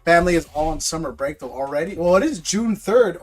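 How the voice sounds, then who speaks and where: Chill dude on a card-ripping stream, kinda high voice, bro-ing everyone, faint music behind. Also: male voice, fast talker, hardly any pauses. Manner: laid-back, talks to viewers as bro. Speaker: livestream card seller. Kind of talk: casual live-stream chat.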